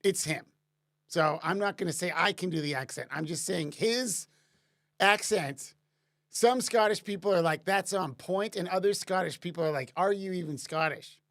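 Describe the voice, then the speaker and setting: A man's voice: high-pitched, normal speed, a bit bright. A man casually answering chat questions on a live stream, rambling with many restarts and fillers. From Canada.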